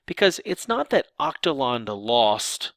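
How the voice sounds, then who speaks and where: Man, language teacher, lively intonation, dry close recording. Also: mid-range voice, unhurried, no echo. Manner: lively explanatory delivery with restarts. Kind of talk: explaining grammar to learners.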